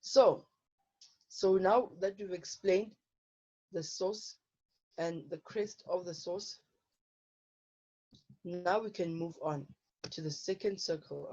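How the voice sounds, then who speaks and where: A woman's voice: on the low side, dark tone, slightly rough. Woman teaching an online lesson. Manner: checks in with frequent "okay?". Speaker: physical science teacher. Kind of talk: online lesson explaining problems. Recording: dull lo-fi online lesson audio.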